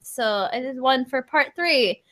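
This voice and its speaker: Tipsy high-voiced woman, giggly and bright. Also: unhurried. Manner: giggly, rambling, loose. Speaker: podcast guest, streamer. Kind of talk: casual group podcast chat.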